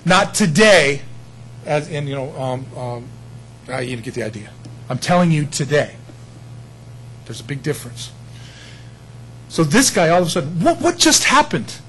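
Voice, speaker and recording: A man preaching a sermon in an animated, conversational way, acting out short quotes. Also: on the high side, normal speed, breathy edge, poor audio.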